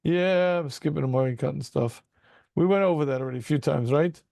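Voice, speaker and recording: A man teaching a Talmud class to students over a video call, asking rhetorical questions and breaking into quick chuckles. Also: fairly high pitch, creaky, no echo, clean studio sound. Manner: animated, rhetorical questions, addresses students as gentlemen; self-deprecating chuckles, quick asides.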